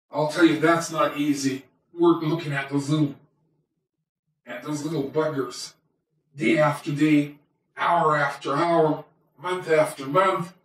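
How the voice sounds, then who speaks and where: A man's voice: on the high side, a bit bright. A man doing a rambling toy wolf, echoey. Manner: rambling, self-mocking storytelling with jokes. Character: chatty male toy wolf telling his life. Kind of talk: homemade comic monologue. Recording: very echoey room, voice far from mic.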